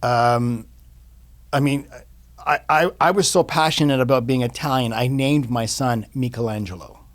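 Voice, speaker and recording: A man in his fifties, a podcast guest, telling a personal story in casual interview talk, animated and repeating words as he goes. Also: medium pitch, moderate pace. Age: 50s.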